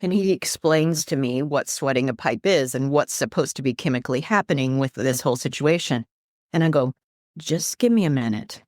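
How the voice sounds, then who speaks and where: A woman guest who is a life coach and minister, talking earnestly about faith and quoting scripture in an animated, preacherly way. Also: a bass voice, normal speed, no room sound, clean studio sound. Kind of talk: earnest faith-based teaching in conversation.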